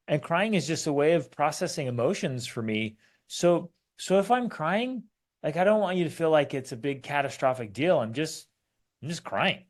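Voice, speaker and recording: A man's voice: a little high, animated, moderate pace. A man co-hosting a family podcast in casual chat, acting out quoted lines with animation. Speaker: podcast co-host.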